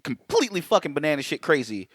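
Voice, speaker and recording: A podcast co-host tells stories in casual chat, swearing freely and laughing often. His voice is on the high side, sing-song and fast, captured in a dry recording with clean studio sound.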